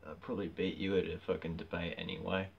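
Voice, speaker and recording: A blunt man talks off the cuff on a phone livestream, cheeky and prone to heated rants. His voice sits low with a rough, gravelly edge. The phone recording sounds dull and lo-fi, with a faint hiss behind him. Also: flat delivery, fast. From Australia. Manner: cheeky, blunt, gets loud and heated when ranting. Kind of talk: casual rambling livestream.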